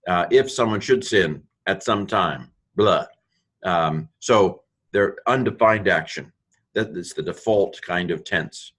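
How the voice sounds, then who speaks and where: A man's voice: low-pitched, takes it slowly, fairly bright tone, breathy edge. A man teaching a recorded lesson on Greek grammar over slides, thinking aloud, correcting himself and making playful asides.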